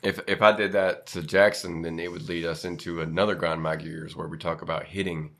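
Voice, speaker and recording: A man's voice: sits low, flat delivery, brisk, vocal fry, a bit bright. A man co-hosting a parenting podcast, chatting casually in a dry, blunt way and swearing offhandedly. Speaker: podcast co-host. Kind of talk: casual chat.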